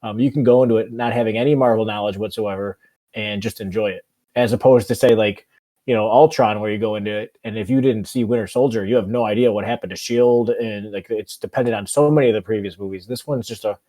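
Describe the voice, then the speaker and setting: Mellow-voiced man, rambling enthusiast. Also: on the low side, steady tone, fast. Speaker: podcast co-host. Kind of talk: casual podcast chat.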